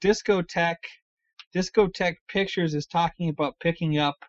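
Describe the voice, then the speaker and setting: A podcast co-host in casual chat, talking excitedly and often stumbling over and restarting words. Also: medium pitch, moderate pace, dry recording, lo-fi sound.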